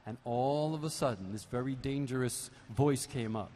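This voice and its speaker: In a basketball arena set up as a concert venue, a man who plays percussion addresses the audience between numbers through a stage microphone. He tells stories peppered with animated, playful asides, at medium pitch and moderate speed. The live hall capture has a long reverb tail and a faint noise floor.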